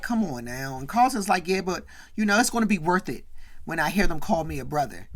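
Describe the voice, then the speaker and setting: A woman hosting a show, casually recapping a sitcom episode, quoting the characters and filling her talk with "you know" and "right". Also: on the low side. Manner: retells scenes by quoting the characters' lines.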